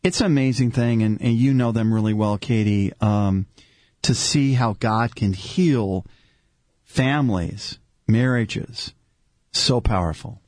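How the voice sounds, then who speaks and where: A man's voice: lowish voice, slow pace, a little mellow, no room sound. A man hosting a religious talk show as a deacon, telling stories earnestly and with animation.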